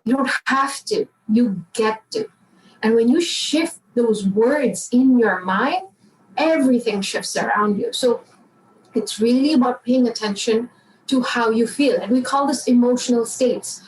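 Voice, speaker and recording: Female coach guest, calm and encouraging, slightly high, recorded far off in an echoey room. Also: unhurried. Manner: calm, encouraging, repeats affirmations. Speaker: emotional intelligence coach, guest. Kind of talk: podcast interview answer. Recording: roomy, distant mic, faint background noise.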